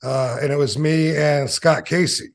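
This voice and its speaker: A former wrestler in his fifties talks casually in a slightly high voice. He spins loose, rambling anecdotes full of fillers and now and then mimics the people he quotes. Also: steady tone, unhurried. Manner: acts out quoted voices in stories. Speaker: interview guest, former wrestler. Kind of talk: casual storytelling interview.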